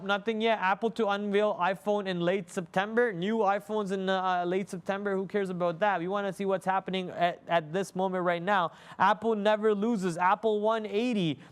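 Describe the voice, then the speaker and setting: Livestream host, male, high clear tone, excitable and thinking aloud as he watches the market. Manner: excitable, thinking aloud, many fillers and restarts. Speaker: day trading livestream host. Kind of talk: live market commentary.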